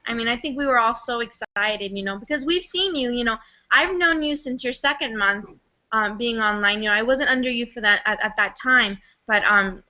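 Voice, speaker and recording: A woman's voice: on the high side, moderate pace, sharp tone. A woman speaking on a video call, chatting with enthusiastic support and frequent fillers. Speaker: guest on a video hangout. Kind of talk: casual chat.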